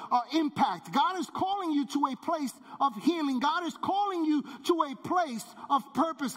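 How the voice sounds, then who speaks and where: Man preaching, very high voice, emphatic repeated lines, echoing church hall. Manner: emphatic preaching, repeats phrases, drops low for key words. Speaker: pastor. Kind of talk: sermon. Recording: long hall reverb.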